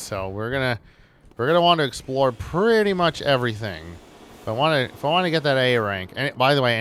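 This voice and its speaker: Picture a man casually narrating his playthrough of a video game with a lively, bouncing delivery. He rambles, restarts his sentences, and fills them with ums. Soft game music plays underneath. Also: mid-range voice. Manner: chatty, rambling, with many fillers and restarts. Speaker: let's play host. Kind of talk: casual gameplay commentary.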